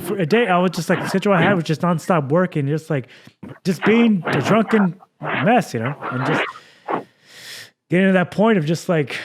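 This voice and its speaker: A man from Texas hosting a casual podcast chat, talking in an earnest, rambling way full of fillers. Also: on the high side. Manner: rambling, earnest, heavy with fillers like "like" and "you know". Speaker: podcast host.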